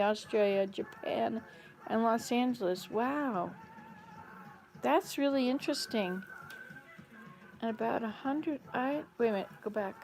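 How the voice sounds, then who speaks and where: Chatty woman, somewhat high voice. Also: darkish tone. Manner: chatty, rambling, answers comments aloud. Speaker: live stream host. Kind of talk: casual chat with viewers. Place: home kitchen.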